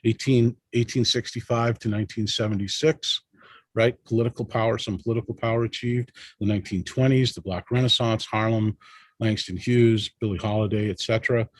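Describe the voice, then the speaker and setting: A man's voice: lowish voice, fairly even intonation, a little fast, dry recording. A man speaking as a panel guest in an impassioned discussion, emphatic and rallying, often tagging his points with "right?".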